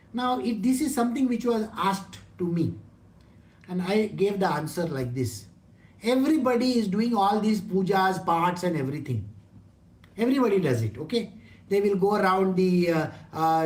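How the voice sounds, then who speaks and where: A teacher leads a satsang discourse at a mid pitch. The talk is casual and full of rhetorical questions. The room adds a noticeable echo. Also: darkish tone. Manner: conversational, asks rhetorical questions, jokes. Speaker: spiritual teacher. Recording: roomy echo.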